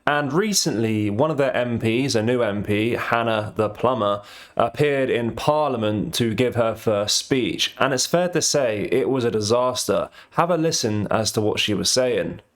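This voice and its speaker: A man's voice: medium pitch, moderate pace. A man hosting a commentary channel, talking over clips in an indignant, repetitive way.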